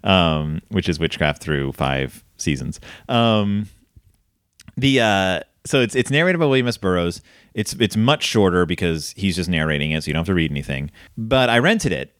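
Guy chatting about old movies on a podcast, super animated, dry mic. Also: sits low, moderate pace, clean tone, no echo. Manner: animated storytelling, many fillers. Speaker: podcast host. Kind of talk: casual film discussion.

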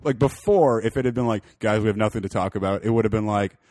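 A man's voice: on the low side, quick pace, darkish tone, no room sound, clean studio sound. A young Canadian man co-hosting a podcast, rambling through casual chat with swearing and laughter. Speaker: podcast co-host.

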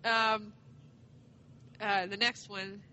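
A woman's voice: mid-range voice, flat delivery, drawn-out words, pushed and bright, slight background noise, poor audio. A woman co-hosting a casual podcast, playful and giggly, guessing unsure answers. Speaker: podcast co-host.

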